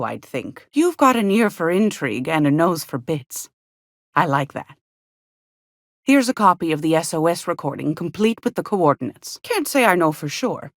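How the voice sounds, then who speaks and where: A syrupy older trader in a game, a folksy schemer who calls everyone sweetheart and deals in stolen secrets. Her voice sits low yet swoops all over with lively lilts, recorded close and dry in a studio. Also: no room sound. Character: folksy older woman fence, sugary and scheming. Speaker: game character, station trader. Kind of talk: video game voice lines.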